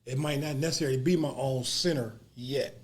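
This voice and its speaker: This podcast host has a mid-range voice with fairly even intonation and a brisk pace. Chatting casually and thoughtfully, he repeats words while searching for them, restarts phrases, and uses slang such as "bruh."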